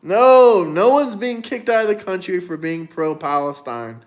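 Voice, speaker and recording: This young host's voice sits high, with lively intonation and a measured pace. During a casual livestream he reads viewer comments and replies bluntly, rambling with lots of swearing.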